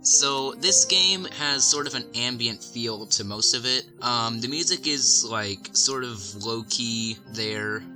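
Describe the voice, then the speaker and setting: A man's voice: mid-range voice, slow, hardly any pauses, low-quality recording. A man co-hosting a casual podcast about game music, giving track details with hesitant fillers. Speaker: podcast co-host.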